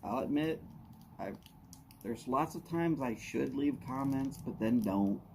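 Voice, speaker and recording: A man talks slowly and unhurriedly, greeting his viewers one by one on a live stream. His voice sits at an ordinary middle pitch in a laid-back drawl. Faint outdoor ambience hums behind him. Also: animated, creaky, darkish tone, slight background noise. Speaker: livestream host. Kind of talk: casual live-stream chat.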